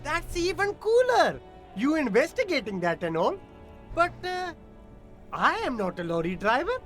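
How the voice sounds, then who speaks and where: Brief: streamer playing a cheeky, high, sing-song street vendor who dodges questions, with faint music behind. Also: female voice, sing-song, a little slow. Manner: playful, sing-song, exaggerated. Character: chirpy, evasive street vendor. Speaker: streamer voicing game dialogue.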